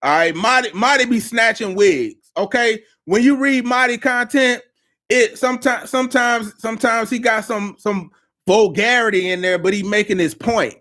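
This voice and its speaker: A man's voice: sits high, normal speed, bright, forceful tone. A man coaching business owners on a live stream, emphatic and preachy, repeating his phrases for effect. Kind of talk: live-stream pep talk. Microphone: live-stream mic.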